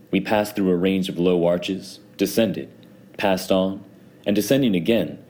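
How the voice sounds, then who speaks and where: A man narrating a classic story as an audiobook, in a slow, measured, ominous reading. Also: low voice, mellow.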